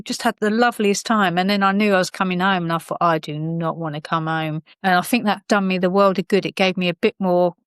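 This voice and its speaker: Podcast guest, woman, mid pitch, rambling storyteller who acts out quotes, dry close sound. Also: a bit bright, clean tone, no room sound. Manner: rambling, many fillers, acts out quoted dialogue. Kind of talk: personal life story told in conversation.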